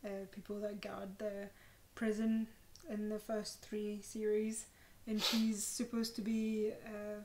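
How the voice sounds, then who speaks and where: A woman co-hosting a casual podcast, chatty and quick to cut in. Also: medium pitch, monotone, noisy background. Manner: chatty, interjecting. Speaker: podcast co-host. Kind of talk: casual chat.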